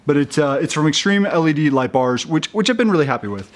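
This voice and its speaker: A man talking casually in a how-to video, halting and upbeat, with many restarts and fillers as he works. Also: fairly high pitch, lively intonation. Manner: chatty and upbeat. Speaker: vlogger installing a roof rack.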